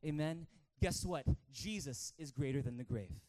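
A man with a Canadian accent preaching a lively sermon in church, calling for amens and acting out a childhood story. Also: a little high, normal speed. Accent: Canadian English. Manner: energetic, calls for amens, tells stories with acted-out voices. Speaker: pastor.

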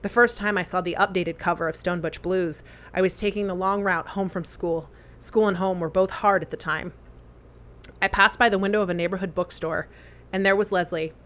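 A woman earnestly reading a memorial letter aloud, with deliberate phrasing. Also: fairly low pitch, steady tone, a bit bright.

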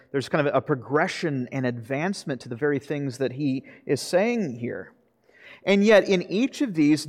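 A pastor preaching a sermon earnestly, asking his listeners rhetorical questions. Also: on the high side. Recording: long reverb of a hall.

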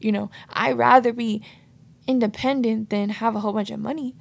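A woman from the United States, based in New York City, hosts a reflective solo podcast where she tells stories casually and earnestly, leaning on "like" and "you know." Her voice is fairly high, gravelly and husky, with a steady tone at normal speed.

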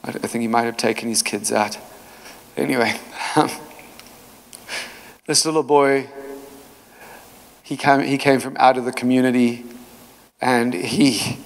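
A man preaching a sermon in a church, telling stories in an animated way with many asides. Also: medium pitch, unhurried, pauses often. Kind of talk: storytelling sermon. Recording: long hall reverb.

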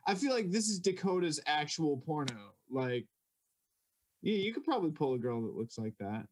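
A man's voice: fairly high pitch, big pitch swings, moderate pace, slight background noise. A young man co-hosting a podcast, joking crudely and swearing in casual banter. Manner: joking, swearing, laughing often. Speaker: podcast co-host.

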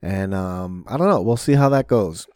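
A man's voice: deep voice, animated, normal speed, darkish tone, smooth, no room sound. Profane rambling male podcaster, dry sound. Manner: casual, profane, rambling with frequent fillers and restarts. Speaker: podcast host. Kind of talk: solo rant. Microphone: podcast mic.

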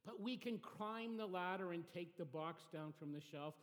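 A man's voice: high voice, moderate pace, natural voice. A man voicing a fretful, cookie-loving male toad in a storybook read-aloud, with a plaintive, pleading tone. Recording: reverberant hall.

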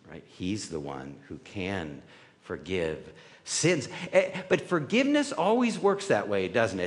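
Chatty male preacher in a reverberant hall. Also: fairly high pitch. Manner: conversational, keeps asking the room "right?". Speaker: pastor. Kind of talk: sermon.

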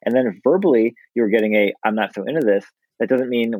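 A man's voice: mid-range voice, quick pace, no echo, phone-quality sound. A man talking frankly and emphatically on a podcast, blunt and earnest. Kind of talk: frank casual discussion.

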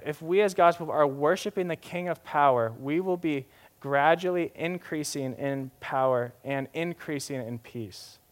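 Preacher man, swinging loud to hushed. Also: on the high side. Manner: swings from emphatic to hushed, slows for key phrases. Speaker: pastor. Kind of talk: sermon.

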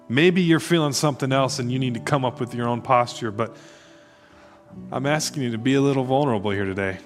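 A man's voice: medium pitch, moderate pace, faint music behind. Earnest male pastor leading prayer. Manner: earnest, inviting, growing hushed in prayer. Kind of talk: sermon closing into prayer. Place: church service.

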